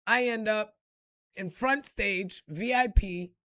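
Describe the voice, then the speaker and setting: A woman's voice: mid-range voice, slow, bright, forceful tone, no echo, studio quality. A woman telling a personal story in casual, profane vlog style, acting out the quotes and laughing along.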